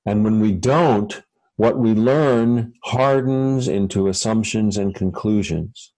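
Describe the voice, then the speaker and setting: A man, a guest author, talking reflectively in a halting way with many fillers and restarts. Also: fairly low pitch, warm tone, no echo, poor audio. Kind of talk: reflective conversational talk.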